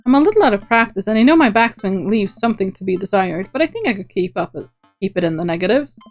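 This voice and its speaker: A woman's voice: mid-range voice, animated, fast, soft background music, close to an everyday voice. A woman voicing a wry teenage girl in a video game, speaking in a dry, teasing way. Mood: deadpan.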